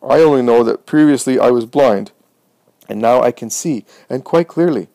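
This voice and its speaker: A man's voice: medium pitch, moderate pace, warm tone, dry recording, natural voice. A man voicing a bold young man healed of blindness, earnest and defiant.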